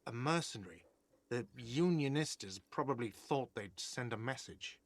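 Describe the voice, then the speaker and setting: A man's voice: mid-range voice, expressive, moderate pace, dry recording. A man voicing a whiny, defensive male diner owner who is exasperated by questioning. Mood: grumbling. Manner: indignant, exasperated.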